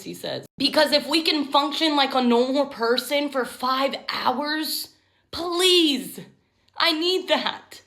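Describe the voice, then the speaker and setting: A woman's voice: high voice, expressive, takes it slowly, fairly bright tone. A woman in her thirties talking candidly and emotionally to camera in a personal vlog. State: tearful at times. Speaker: vlogger.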